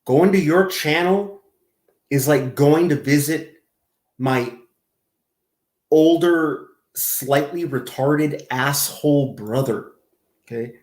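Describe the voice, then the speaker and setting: A man mocking a clip in a sarcastic, crude reaction commentary with a drawn-out delivery. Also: fairly high pitch, a little mellow. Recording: roomy, echoey room.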